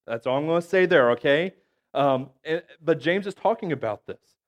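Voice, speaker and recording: A man's voice: a little high, lively intonation, normal speed. A man in his thirties with a cough, preaching a conversational sermon as a pastor and checking in with the congregation after nearly every point. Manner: chatty, keeps checking in with "okay?" and "right?". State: has a cough.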